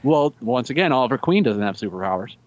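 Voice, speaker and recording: Lively man with deadpan quips. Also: mid-range voice, no echo, lo-fi sound. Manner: quick deadpan one-liners. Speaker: podcast co-host. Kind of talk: casual comedic chat.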